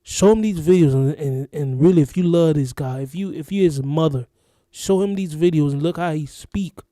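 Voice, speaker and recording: A man's voice: fairly high pitch, moderate pace, dark tone, no room sound, studio quality. A man from Florida hosting a reaction video, rambling and repeating himself in casual commentary. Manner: rambling, repetitive, exasperated. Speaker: reaction channel host.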